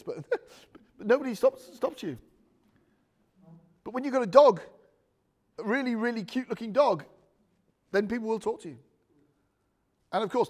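A man's voice: sits high, a little mellow, breathy edge. A man preaching a chatty, joking sermon full of asides. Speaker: pastor.

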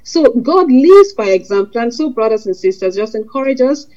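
A woman's voice: on the high side, sing-song, moderate pace, warm tone. A woman preaching a sermon in an earnest, conversational way, quoting scripture and addressing her listeners directly. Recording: lo-fi dull sound.

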